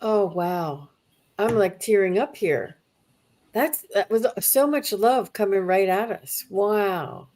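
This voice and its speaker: A woman hosting a spiritual livestream, soft-spoken and gushing as she thanks her viewers. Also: medium pitch, takes it slowly. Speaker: livestream host. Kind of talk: live stream chat.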